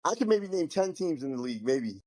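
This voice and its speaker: A man's voice: fairly high pitch, big pitch swings, brisk, mellow. A man co-hosting a casual podcast, laid-back and self-deprecating, laughing often. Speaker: podcast co-host.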